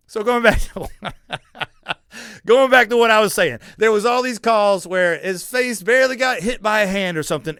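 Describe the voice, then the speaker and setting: A man's voice: high-pitched, clean tone, no echo, clean studio sound. Heated, foul-mouthed man ranting about football. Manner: loud, heated, swearing freely, mocking. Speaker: podcast host. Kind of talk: profane sports rant.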